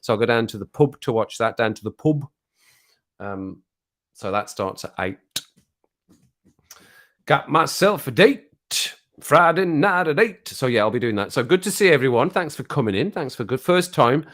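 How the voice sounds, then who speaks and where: A man's voice: mid-range voice, lively intonation, brisk. Chatty Black Country man streaming live. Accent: Black Country English. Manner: rambling, chatty, laughs often. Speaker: livestream host. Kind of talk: casual livestream chat.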